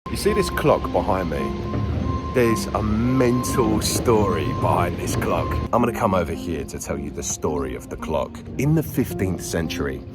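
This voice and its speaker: A man's voice: low-pitched, expressive, normal speed, over loud music. A man narrating a book travel vlog outdoors in a city, chatty and playful. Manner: chatty, playful, enthusiastic storyteller. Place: outdoors in a quiet city street at dawn.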